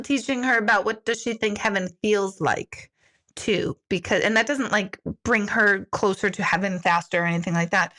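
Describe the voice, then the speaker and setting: A middle-aged woman talks loosely to her livestream viewers, answering their comments with quick asides. Her voice sits at an ordinary middle pitch, lively and self-deprecating in manner. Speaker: spiritual medium hosting a live Q&A. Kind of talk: casual livestream chat reading viewer comments.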